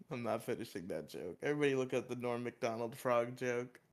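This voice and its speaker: A man's voice: mid-range voice, lively intonation, moderate pace. Dry-humored male co-host. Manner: dry, joking, laughs often. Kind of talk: casual chat.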